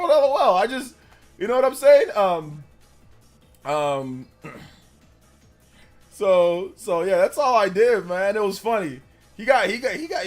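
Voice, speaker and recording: A man hosting a live stream, chatting in a laid-back, slangy way and laughing often. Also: high voice. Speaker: livestream host. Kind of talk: casual live-stream chat.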